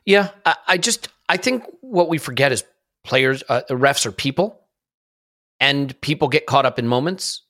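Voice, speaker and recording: A man's voice: medium pitch, animated, normal speed, sharp tone. A man on a football podcast, ranting with mounting emphasis in casual discussion. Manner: impassioned ranting, rising emphasis. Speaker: podcast panelist.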